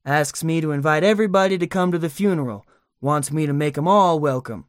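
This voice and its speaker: A pompous old con man holds forth in a grandiose, oily manner, as a male audiobook reader puts him on. The voice sits a bit high and runs on and on. It is recorded dry and close, with no room sound. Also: brisk, no room sound, natural voice. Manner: grandiose, long-winded, unctuous. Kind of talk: audiobook character voice.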